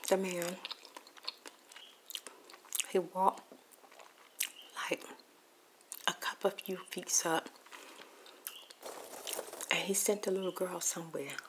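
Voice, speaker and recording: A woman's voice: fairly low pitch, steady tone, slow, long pauses, background noise. A woman whispering a rambling ASMR storytime while eating popcorn, with crunching clicks in the background. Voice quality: mostly whispered, soft-spoken. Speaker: ASMR YouTuber.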